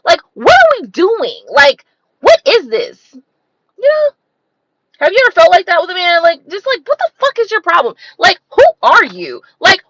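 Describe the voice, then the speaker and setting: A woman's voice: extremely high pitch, a bit bright, dry recording, rough recording. A woman hosting her own channel, ranting in a blunt, profane, exasperated way full of rhetorical questions. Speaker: tarot reader and channel host. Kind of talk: unscripted livestream rant.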